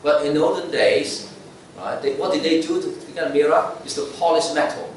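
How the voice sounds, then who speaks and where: In the sanctuary, a lay preacher talks through his sermon casually, often checking in with "okay?" and "right?" His voice is fairly high-pitched at a normal speed. The echoey church sound and distant mic come with slight background noise.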